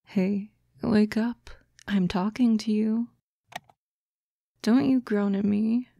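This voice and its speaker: A woman voicing a motherly fox-spirit girlfriend in a whispered role-play, coaxing and gently scolding. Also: medium pitch, fairly even intonation, slow pace, gravelly, dry recording, studio quality. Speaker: ASMR voice actress.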